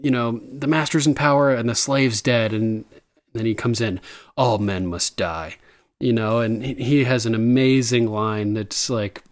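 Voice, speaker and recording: A man's voice: medium pitch, steady tone, moderate pace. Enthousiaste man die lacherig een aflevering bespreekt. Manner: enthusiastic, laughs often, acts out quoted lines. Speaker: podcast co-host. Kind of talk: casual chat recapping a TV episode.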